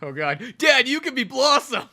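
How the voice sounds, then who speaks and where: A man's voice: very high-pitched, big pitch swings, moderate pace, pushed and bright, faint music behind. A man co-hosting a casual comedy podcast, laughing often, swearing and riffing on jokes. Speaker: podcast co-host.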